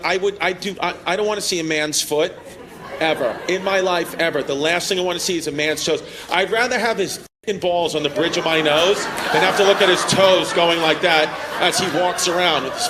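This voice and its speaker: A man doing stand-up crowd work, brash and profane, laughing at his own jokes. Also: a little high. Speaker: stand-up comedian. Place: comedy club stage before a laughing crowd. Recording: club mic with loud crowd laughter and room noise.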